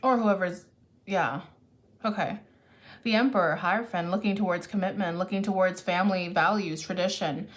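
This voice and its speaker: A woman's voice: fairly low pitch, normal speed. A woman giving a casual tarot reading who thinks aloud and corrects herself as she goes, caffeinated. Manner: chatty, thinks aloud, restarts and self-corrects. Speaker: tarot reader.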